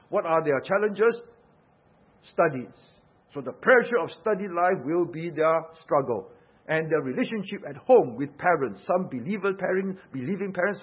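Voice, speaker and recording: A man delivers a sermon, pressing his points with rhetorical questions and bursts of force. His voice sits slightly high and husky. The recording sounds dull and lo-fi. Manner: emphatic, rhetorical questions, rising and falling force. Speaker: pastor.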